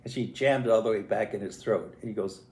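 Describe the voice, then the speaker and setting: An older man telling a family story in a casual, animated way, acting out voices and sounds as he goes. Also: on the low side, fast talker. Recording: roomy echo.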